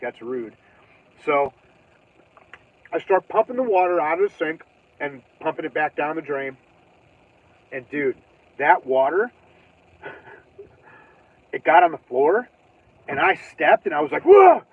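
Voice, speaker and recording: A man with a fairly high voice tells a rambling, animated story, swearing and laughing as he acts out his own reactions. The sound is tinny and thin, like a phone call from inside a car. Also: moderate pace, long pauses. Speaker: livestream host. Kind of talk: casual storytelling. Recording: tinny phone-like livestream audio.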